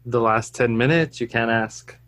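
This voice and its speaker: A man co-hosting a podcast in casual chat, a father telling lively, profane stories about his toddler. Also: mid-range voice, moderate pace. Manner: profane, animated anecdote-telling. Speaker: podcast co-host.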